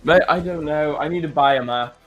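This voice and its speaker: A man's voice: a little high, fairly quick, fairly bright tone, highs cut off, soft background music. A man hosting a live stream, joking around, laughing often and calling people bro and mate. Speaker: stream host. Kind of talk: casual banter on a live stream.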